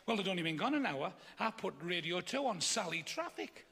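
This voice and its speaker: A man telling a stand-up joke in a dry, deadpan way with swearing. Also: sits high, brisk, vocal fry. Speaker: stand-up comedian. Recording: long hall reverb from off mic.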